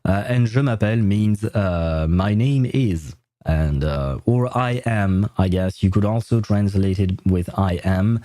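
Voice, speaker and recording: A man's voice: on the low side, measured pace, hardly any pauses, dark tone, no room sound. A man whose first language is French, chatting in a rambling way as a game streamer on a livestream and laughing often. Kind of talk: casual livestream chat.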